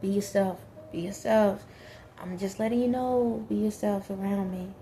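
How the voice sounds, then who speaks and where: A woman's voice: mid-range voice, steady tone, moderate pace, mellow, a little hiss or hum. A woman talking frankly and emphatically in a casual monologue, with many fillers. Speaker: vlogger.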